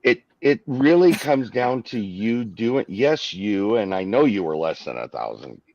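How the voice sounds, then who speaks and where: Low-voiced male live-stream host. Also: sing-song, unhurried, a little mellow, dry recording, lo-fi sound. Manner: agreeable, wraps up with sign-off. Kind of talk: casual live-stream chat.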